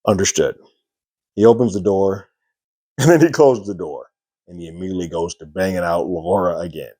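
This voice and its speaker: A man's voice: low voice, brisk, warm tone, no echo. A man reviewing a TV episode in a casual, rambling recap full of "sort of" and "like". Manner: rambling, many "sort of" and "like" fillers.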